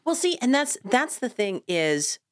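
A woman's voice: on the high side, very animated, measured pace. A woman in her late thirties co-hosting a casual parenting podcast, explaining ideas with wry jokes. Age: late 30s. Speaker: podcast co-host.

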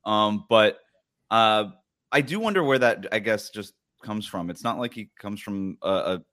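A man with a low voice hosting a sports podcast. He talks in a chatty, casual way, with plenty of fillers and restarts, and now and then reads quotes aloud. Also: unhurried, fairly bright tone. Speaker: podcast host.

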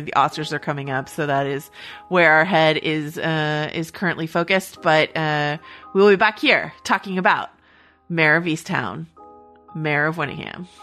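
A woman's voice: low voice, fairly bright tone. A woman co-hosting a podcast in casual chat, talking with lots of fillers and restarts. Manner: chatty, many fillers and restarts. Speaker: podcast co-host.

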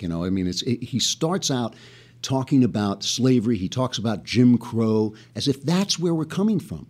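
A man's voice: lowish voice, sing-song, moderate pace, a little mellow. Sarcastic male political podcast host. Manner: sarcastic, laughing asides. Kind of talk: political commentary.

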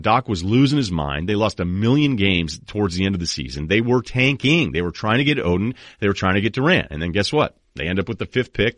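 Male sports podcast host, low register, dry studio sound, loose and animated ranting delivery. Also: dry recording. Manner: animated, rambling, puts on quoted voices. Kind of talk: casual sports rant.

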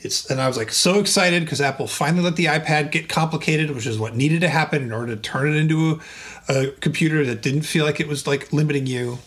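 A man co-hosting a tech podcast, animated and wry, often restarting his sentences. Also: fairly high pitch, fast talker. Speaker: podcast co-host. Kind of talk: casual panel chat.

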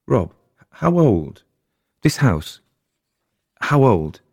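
A nervous, soft-spoken farmhouse wife, as a man reads her lines, asking halting questions with a lift above his usual low, gravelly tone. Heard dry and close, as in a read-aloud storybook. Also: big pitch swings, dry recording, full character voice. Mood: uneasy.

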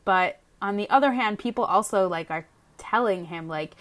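A woman's voice: medium pitch, lively intonation, normal speed. A woman co-hosting a casual chat, talking frankly with lots of hedging and filler words. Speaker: podcast co-host reviewing a TV show.

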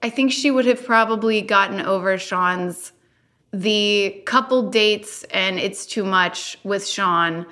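A woman's voice: mid-range voice, slow pace, bright, forceful tone. A woman co-hosting a casual rewatch podcast, chatty and giggly as she reads out fan questions. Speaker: podcast co-host.

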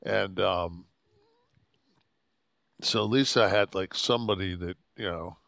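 A man's voice: low voice, unhurried, creaky, no room sound, studio quality. A man in his sixties, a podcast host, telling a rambling, profane road story and acting out the people in it. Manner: profane, rambling, animated quoting of others. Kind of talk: casual storytelling.

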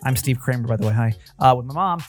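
A man hosting a casual podcast chat, quick and self-mocking, laughing often. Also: medium pitch, faint music behind. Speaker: podcast host.

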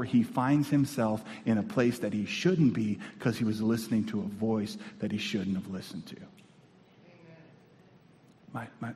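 A male pastor preaching a sermon, animated and calling out to his congregation. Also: mid-range voice. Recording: long reverb in a church hall.

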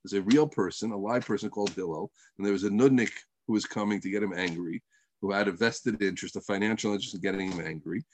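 A man's voice: fairly low pitch, fast, a little hiss or hum. A man teaching a religious text lesson, telling the story with rhetorical questions and asides. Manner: animated storytelling, rhetorical questions, trailing off softly.

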